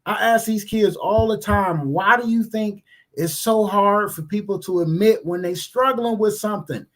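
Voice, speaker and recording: This podcast co-host has a high-sitting voice and talks at normal speed, but the audio from his remote stream mic is poor. His casual delivery is blunt and animated, loaded with slang and profanity.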